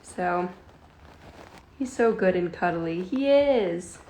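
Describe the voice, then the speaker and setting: A woman's voice: lowish voice, expressive, slow pace, a little mellow. A woman in her early twenties chatting casually on a phone livestream from home, giggly and greeting viewers by name. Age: early 20s. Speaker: livestream host. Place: at home with a kitten.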